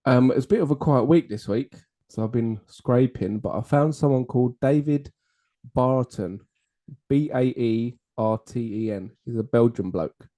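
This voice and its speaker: Male podcast host, jokey rambling banter, mellow timbre. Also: medium pitch, moderate pace. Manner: jokey, rambling, laughs at own jokes. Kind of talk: casual banter over drinks.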